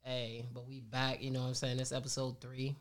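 A man's voice: medium pitch, completely flat delivery, brisk, a crowd in the background. A man, co-hosting a podcast in casual, slangy banter and laughing often. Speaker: podcast co-host. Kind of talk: casual chat.

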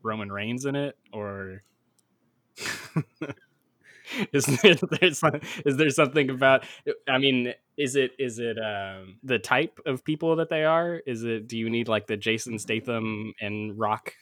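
A man chatting on a podcast in a bright, forward voice. He rambles with plenty of "um"s and restarts, and the sound is close and dry, with no room around it. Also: mid-range voice, a little slow, dry recording. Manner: rambling, many fillers and restarts. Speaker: podcast co-host. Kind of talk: casual chat.

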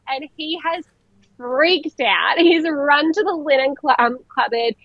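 Young Aussie woman, high-ish voice, casual and chatty storyteller, giggly. Dry, slightly dull lo-fi recording. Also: a little slow, no room sound. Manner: chatty, animated, laughing often, many "like" fillers. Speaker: vlogger telling her birth story.

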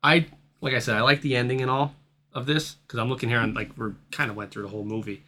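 A man's voice: medium pitch, steady tone, fast talker, sharp tone. A man hosting a horror movie podcast, chatting in a crude, rambling way and laughing easily. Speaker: podcast host. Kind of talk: casual podcast chat.

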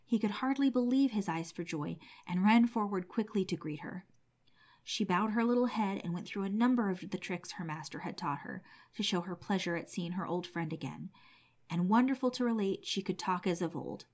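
A woman's voice: medium pitch, animated, normal speed, darkish tone. Woman narrating an old storybook tale.

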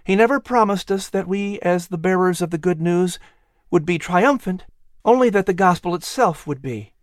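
Man reading as an old apostle, solemn, earnest, lively pitch, letter. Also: normal speed, dry recording, studio quality. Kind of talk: letter read aloud.

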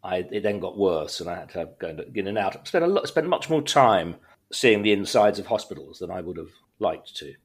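Husky low-voiced man, rambling. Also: very animated, a little fast. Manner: rambling, self-interrupting, frequent restarts and wry humour. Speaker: podcast guest, writer. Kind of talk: casual conversational storytelling.

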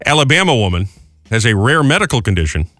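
Brief: quick-talking male radio host, bright tone, dry close mic, upbeat and jokey. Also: mid-range voice, sing-song, no room sound. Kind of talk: morning radio chat.

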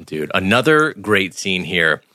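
A man co-hosting a podcast, animated and casual, swearing and laughing as he reviews a TV episode. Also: deep voice, measured pace, dry recording, studio quality. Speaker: podcast co-host.

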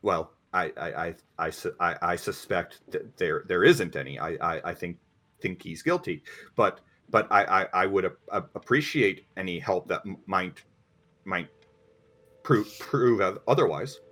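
A man's voice: sits low, animated, measured pace, fairly bright tone, exaggerated voice. A man voicing a nervous middle-aged male lawyer who stutters and repeats words constantly. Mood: flustered.

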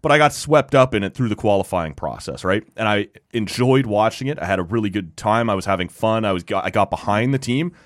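A man hosting a relaxed interview, telling stories easily and laughing often, with tag questions like "right?". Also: fairly low pitch, a little fast, few pauses, dry recording, clean studio sound. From Canada. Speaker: podcast host. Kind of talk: casual conversational interview.

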